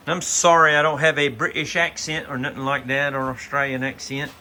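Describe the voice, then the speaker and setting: Filming on his own handheld phone, a Southern US man gives a meandering, homespun video tour of his model railroad layout, leaning on fillers and "but anyhow." His fairly high, level voice moves fairly quickly and sounds pushed and bright, with slight background noise.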